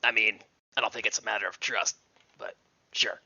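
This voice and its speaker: A man's voice: on the low side, fairly even intonation, normal speed, gravelly, sharp tone, no echo, lo-fi sound. A man playing a tabletop game, tentatively explaining what he believes. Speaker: player. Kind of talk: casual tabletop game chat.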